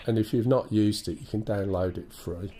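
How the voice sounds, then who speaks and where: Congested from a cold, an English-accented man streams a flight simulator live, musing aloud and saying hello to viewers. He speaks at a moderate pace in a fairly low, dark-toned voice.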